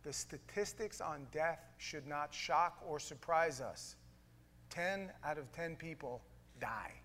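A man preaching a sermon, telling a story with dramatic swings from hushed lines to loud bursts. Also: fairly high pitch, takes it slowly, a little hiss or hum.

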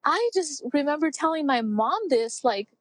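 A woman in her forties speaking candidly as an interview guest, heartfelt and reflective, pausing often with fillers. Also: high-pitched, lively intonation, no room sound, low-quality recording. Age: 40s. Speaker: podcast guest.

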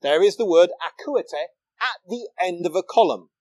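A man delivers a public lecture in a somewhat high voice. He explains patiently and poses rhetorical questions. The sound is dry and close, with little room echo. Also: expressive, normal speed. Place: lecture hall.

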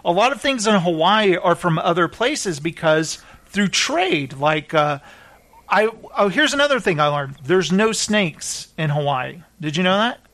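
Chatty high-voiced man recapping TV. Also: big pitch swings, moderate pace, sharp tone. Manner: chatty, laughing, retells scenes with quoted voices. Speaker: podcast host. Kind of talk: casual chat about TV shows.

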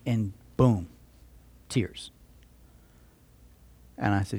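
A man's voice: medium pitch, lively intonation, moderate pace. A man pastor preaching a conversational sermon, telling a story and acting out both sides of the dialogue, often restarting with repeated words.

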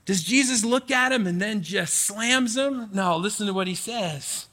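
A man in his forties preaching a sermon, his voice pitched very high and bright. He talks in an animated way, acting out pleading prayers to God. The sound carries a long reverb, as in a big church sanctuary. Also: measured pace. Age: 40s. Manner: animated, acts out prayers to God with rising intensity. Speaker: pastor.

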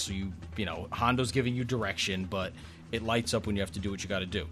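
Rambling low-voiced man telling a story. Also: quick pace, a bit bright, faint music behind. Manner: rambling, chatty, with frequent restarts. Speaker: podcast co-host. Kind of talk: casual podcast storytelling.

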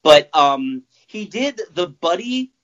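A man hosts a podcast in casual chat. His voice sits a little high, and he rambles and jokes with plenty of fillers. The recording is muffled and lo-fi. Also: very animated, slow pace, a bit bright. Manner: rambling, loose and jokey, with many fillers. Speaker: podcast host. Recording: muffled lo-fi sound.

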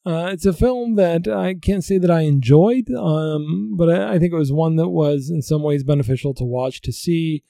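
A man hosting a solo podcast, retelling a film plot with fillers and restarts, his pitch jumping up when he quotes the characters. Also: normal speed, vocal fry, few pauses, dark tone, dry recording, clean studio sound. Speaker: podcast host. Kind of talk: solo podcast movie recap.

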